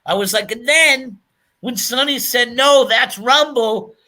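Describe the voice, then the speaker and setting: Male podcast host, high bright voice, unhurried laughing storyteller. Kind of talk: casual chat.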